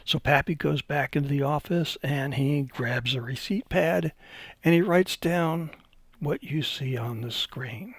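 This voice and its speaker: Gravelly man teaching hydraulics. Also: a little high, a little slow, dry recording. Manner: folksy storytelling with hesitations. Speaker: hydraulics instructor. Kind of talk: unscripted webinar lecture.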